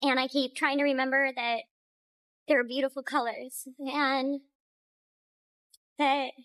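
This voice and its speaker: A woman living under a bridge, answering a street interview in a calm, hopeful, reflective way. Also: high voice, a little slow, no echo, poor audio.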